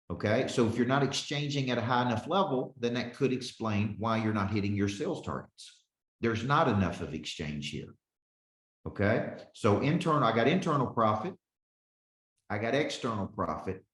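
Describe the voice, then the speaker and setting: A man's voice: on the low side, reverberant. A man in his forties, a business coach teaching a live webinar with lots of energy, calling on listeners by name and often checking in with "okay?". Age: 40s.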